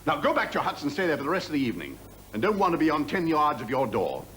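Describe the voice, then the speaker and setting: Bitter sneering raf wing commander, voice a bit high, swings all over, old tv film w music. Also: male voice, wildly swooping pitch, racing, a bit bright, slight background noise. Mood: furious. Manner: barking, scornful officer's tirade. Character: bitter contemptuous male RAF wing commander, middle-aged. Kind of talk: 1970s television drama acting.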